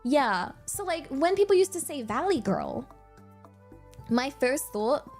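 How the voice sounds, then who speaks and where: A bubbly young woman from England chats casually on her livestream, speaking slowly in a bright, fairly high voice that swoops up and down. She's excitable and giggly, and soft music plays faintly in the background.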